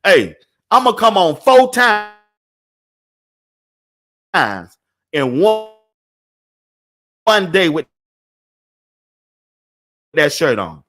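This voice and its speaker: An older man hosts a casual sports talk livestream at an unhurried, drawn-out pace. He laughs often and repeats the same phrases several times in a row, chatting loosely with his viewers. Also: sits high, sing-song, a bit bright. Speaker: sports talk show host.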